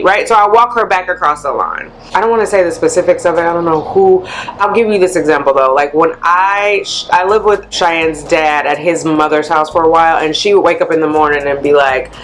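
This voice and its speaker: A woman vlogger chatting candidly to camera, a blunt and animated storyteller letting off steam. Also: sits low, fairly quick, slight background noise. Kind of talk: candid vlog chat.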